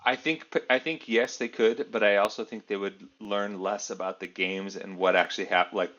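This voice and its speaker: A man with a low voice co-hosts a podcast in loose, casual chat. He rambles and leans heavily on filler words. The audio sounds a little dull and lo-fi. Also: steady tone, normal speed, fairly bright tone. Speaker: podcast co-host.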